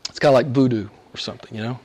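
A male pastor preaching a sermon, emphatic, swinging between loud exclamations and hushed asides. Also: mid-range voice, fairly even intonation, rapid-fire, breathy edge.

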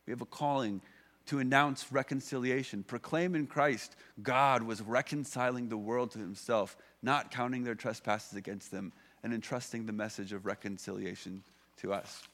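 A man in his thirties preaches to his congregation in a relaxed, chatty way. He stops and restarts his sentences often and drops in filler words as he goes. His voice sits at an ordinary middle pitch. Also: moderate pace. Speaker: pastor. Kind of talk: sermon.

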